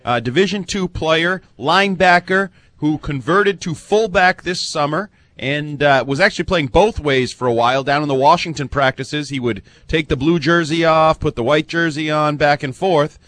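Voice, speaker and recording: A man's voice: a little high, normal speed, few pauses, fairly bright tone, dry recording. A man hosting sports talk radio, explaining players and roles in a matter-of-fact, informed way.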